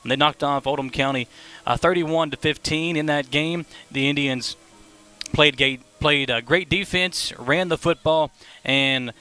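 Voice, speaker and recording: A man calls a high school football pregame show. His voice is bright and forceful and sits a little high. He keeps an energetic, brisk announcer pace. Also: clean tone, soft background music. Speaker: play-by-play broadcaster. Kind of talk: pregame sports broadcast.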